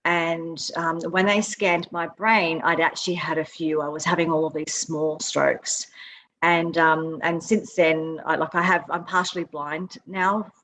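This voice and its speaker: Australian woman, fifties, lowish voice, frank interview guest. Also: fairly even intonation, measured pace, fairly bright tone. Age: 50s. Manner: frank, laughs easily. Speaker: nutrition coach guest. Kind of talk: interview conversation.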